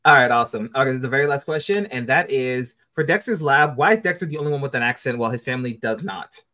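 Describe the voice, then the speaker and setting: A man's voice: mid-range voice, animated, fast talker, bright, forceful tone. A young man hosting a podcast interview, eager, gushing and apologetic, wrapping up with his audience. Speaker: podcast host.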